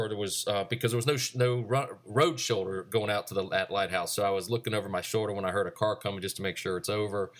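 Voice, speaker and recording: In a meandering solo recap of a race he ran, a deep-voiced man in his forties, whose tone is a touch bright, drifts between topics at an easy pace. He hesitates frequently, filling gaps with "uh" and starting sentences over.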